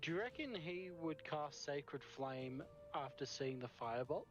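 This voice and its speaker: A man's voice: fairly high pitch, expressive, unhurried, soft background music. Hesitant man player on a dull mic. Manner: hesitant, unsure. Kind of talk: casual chat at a tabletop game.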